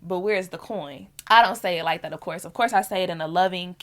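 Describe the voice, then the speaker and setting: Candid woman vlogger with gravelly voice. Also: lowish voice, very fast. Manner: candid, animated storytelling in casual slang. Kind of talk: personal storytelling vlog.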